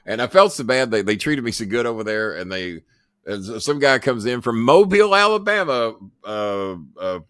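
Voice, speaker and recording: A man's voice: medium pitch, big pitch swings, moderate pace, a bit bright, smooth, no echo, studio quality. A man hosting his own show, rambling through casual stories with boasts, swearing and stammered restarts. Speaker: podcast host. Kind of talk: casual storytelling monologue.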